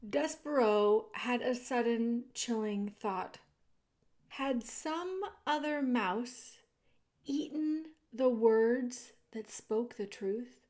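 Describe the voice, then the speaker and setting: A woman reads a children's storybook aloud at an unhurried, slow pace. Her telling is expressive, with lively shading of the story's moments. She speaks straight to the listener as she goes. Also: on the high side. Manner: expressive, addresses the listener directly. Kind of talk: reading a children's book aloud.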